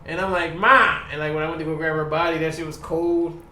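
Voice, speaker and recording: A man's voice: on the high side, monotone, fast, a bit bright, roomy sound, a little hiss or hum. A man from Baltimore, a podcast guest telling a long, profane, rambling story packed with quoted dialogue. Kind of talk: casual storytelling. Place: podcast studio.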